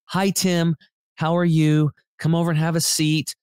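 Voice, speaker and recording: A man quoting a kind, motherly female massage therapist in a gentle, slightly raised voice. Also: fairly high pitch, level tone, measured pace, clean tone, no room sound, clean studio sound, pitched above the performer's own voice, natural voice. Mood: warm, curious.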